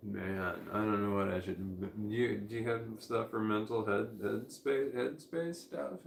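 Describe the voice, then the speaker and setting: A tired, high man rambling casually in a vlog, talking drowsily with a slight slur while lying down at home. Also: steady tone, a little slow, vocal fry, roomy sound, slight background noise. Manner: drowsy, rambling, laughs to himself. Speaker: vlogger.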